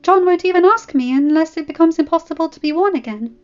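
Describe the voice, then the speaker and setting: A woman voicing a timid, eager young noble girl who speaks in a high, anxious, pleading way. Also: expressive, a little slow, muffled recording.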